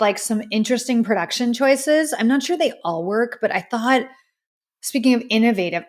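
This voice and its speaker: A woman hosting a podcast, giving a casual, candid music review with plenty of fillers and opinions. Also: medium pitch. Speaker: podcast host.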